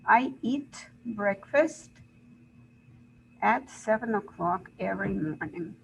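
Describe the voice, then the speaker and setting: Slow-paced woman English teacher, patient and deliberate, faint noise behind. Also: mid-range voice, lively intonation, vocal fry, rough recording. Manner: slow, deliberate, repeats examples and checks with "right?". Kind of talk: grammar lesson explanation.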